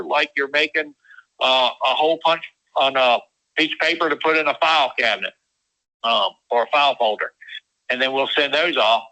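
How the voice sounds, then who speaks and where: A man's voice: a little high, bright, forceful tone, poor audio. A man giving a folksy webinar talk as a guest farmer. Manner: folksy, uses y'all.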